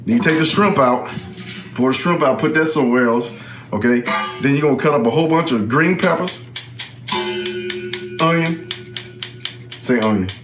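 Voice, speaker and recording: A man's voice: mid-range voice, normal speed, long pauses, roomy sound, over music. A man hosting, walking through a cooking demonstration in a casual, chatty way and often repeating himself. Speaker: host.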